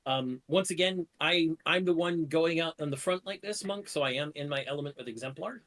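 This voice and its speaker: A man's voice: on the high side, fairly quick, fairly bright tone. A man playing a tabletop role-playing game, narrating his character's actions in a casual, rambling way with many fillers. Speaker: player.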